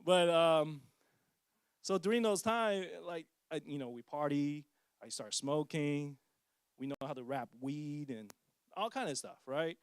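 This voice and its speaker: A man's voice: on the high side, measured pace, clean tone, dry recording. A man in his forties giving a casual personal testimony as a parent, joking and poking fun at himself. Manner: casual, joking, self-mocking storyteller.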